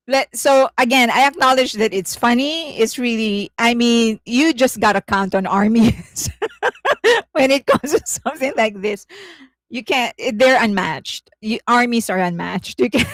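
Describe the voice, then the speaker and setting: A woman content creator with a slightly high voice, recorded with no echo, gives casual commentary to her viewers. She's chatty and repetitive, uses many fillers, and often breaks into laughter.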